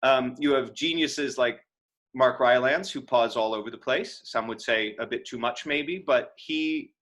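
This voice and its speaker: A man's voice: medium pitch, a bit bright. Casual American man teaching acting. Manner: casual, conversational, with frequent fillers and restarts. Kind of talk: lecture over a video call. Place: home room on a video call. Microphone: video call microphone.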